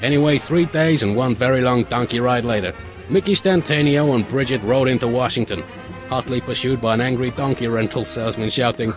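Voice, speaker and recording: A man reading his own absurd comic story aloud in a dry, deadpan way. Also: medium pitch, brisk, music in the background. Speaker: host, comic story writer.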